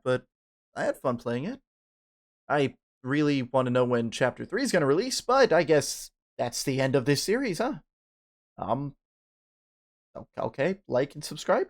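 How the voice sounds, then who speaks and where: A man giving casual gameplay commentary as a video creator, with loud, profane, exasperated outbursts. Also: fairly high pitch.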